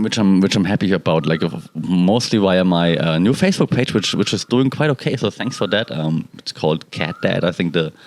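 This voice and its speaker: Deep-voiced and recorded with no room sound, a man rambles easily through a solo podcast on his balcony at home. This cat owner and host breaks off mid-sentence to talk to his cats.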